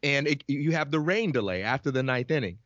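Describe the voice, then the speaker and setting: A man co-hosting a casual podcast chat, excitedly telling stories and acting out family conversations. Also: mid-range voice, fairly quick, no room sound. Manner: excited storyteller, acts out family dialogue. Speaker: podcast co-host. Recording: dry, dull lo-fi sound.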